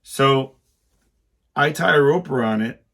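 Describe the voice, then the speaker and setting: Here a middle-aged man hosts a podcast, wandering through a personal anecdote, interrupting himself and performing the quoted lines. He speaks slowly at a medium pitch, with a creaky yet fairly bright tone.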